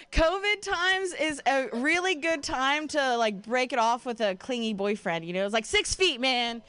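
A woman's voice: high voice, a little slow, smooth, dry recording. Profane young woman doing stand-up, dry and close. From Ohio. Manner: casual, profane, deadpan delivery with frequent laughs. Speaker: stand-up comedian. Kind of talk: stand-up comedy set.

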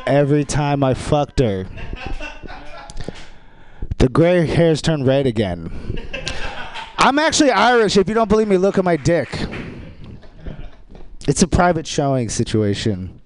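A man performing a rambling stand-up routine on a radio show, telling dark, crude jokes in an offhand way. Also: fairly high pitch, slight background noise. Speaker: stand-up comedian.

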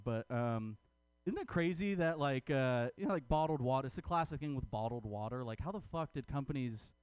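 A man's voice: medium pitch, a little mellow, clean tone, dry recording. A man doing a crude, self-mocking stand-up comedy set at a comedy club open mic.

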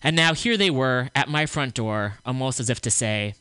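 A man hosts a small radio show, reading the news and a long statement aloud while breaking off for blunt opinions. His voice is bright and crisp, and it sounds dry and close to a studio microphone. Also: medium pitch, dry recording. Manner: reads a statement aloud with halting restarts.

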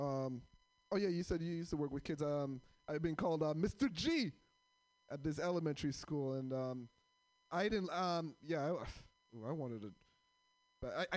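A man's voice: on the high side, darkish tone, dry recording. A man doing stand-up comedy with crowd work, rambling and self-deprecating as he stops and starts over his fillers.

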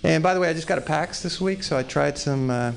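Gravelly, rambling man at an open mic. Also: fairly high pitch, quick pace. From Texas. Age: 40s. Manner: rambling, profane and self-deprecating, with many restarts. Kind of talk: improvised stand-up at an open mic.

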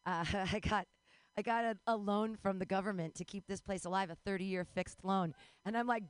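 A woman in her forties doing a rambling, self-deprecating stand-up comedy set, breaking into sudden high yelps and laughter. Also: steady tone, normal speed, clean tone, no room sound. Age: 40s.

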